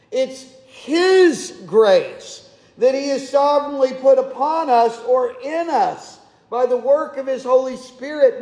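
High-voiced man preaching in echoey hall. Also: a little mellow. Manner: conversational preaching with rhetorical questions. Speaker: pastor. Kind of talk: sermon. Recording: echoey hall with long reverb.

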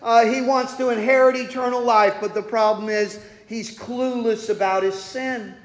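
A man preaching a sermon in a church. He swings between sudden loud outbursts and hushed asides. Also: extremely high pitch, steady tone, moderate pace. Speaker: pastor. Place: church sanctuary. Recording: echoey hall with long reverb.

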